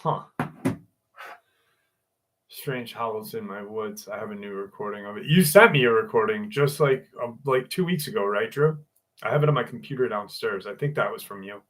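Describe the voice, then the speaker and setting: A man's voice: lowish voice, normal speed, fairly bright tone. A man in his sixties hosting a casual livestream from home, chatting loosely with viewers, greeting them by name and swearing freely. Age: 60s. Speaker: livestream host.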